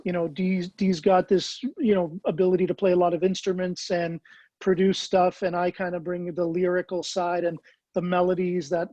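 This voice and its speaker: A man's voice: high voice, flat delivery, moderate pace, dark tone, dry recording, lo-fi sound. A man with a Canadian accent tinged with American, a songwriter guest talking casually and restarting his sentences often. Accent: Canadian blended with American. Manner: rambling with frequent restarts. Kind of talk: casual interview chat.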